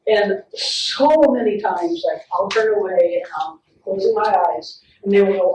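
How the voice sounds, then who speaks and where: A woman play therapist giving a faith-based parenting talk, telling stories with animated acted-out quotes. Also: medium pitch, normal speed, hardly any pauses, a little hiss or hum. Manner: warm, animated storytelling with acted-out quotes and laughs. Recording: echoey room, picked up from a distance.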